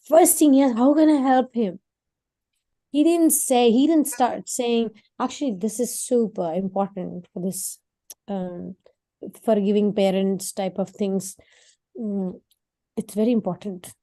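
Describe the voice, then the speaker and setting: A woman teaching a scripture class in a chatty, lively way, often asking "right?". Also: medium pitch.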